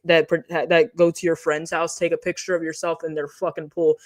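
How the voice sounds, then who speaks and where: A woman's voice: on the low side, no room sound. A woman streamer giving a profane, mocking commentary, reading out posts and picking them apart. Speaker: streamer commenting on online drama. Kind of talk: ranting commentary.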